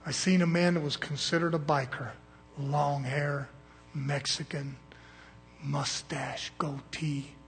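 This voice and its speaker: A man's voice: a little high, fairly even intonation, slow pace, creaky, faint music behind. A man preaching a sermon in a folksy, blunt way, calling for amens from the congregation.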